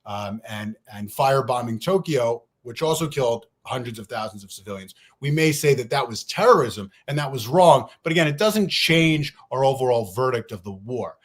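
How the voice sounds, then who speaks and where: A man making his case in a debate, emphatic and lecturing, laying out numbers and sometimes talking fast. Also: mid-range voice, expressive. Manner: talks fast at times. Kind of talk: debate argument.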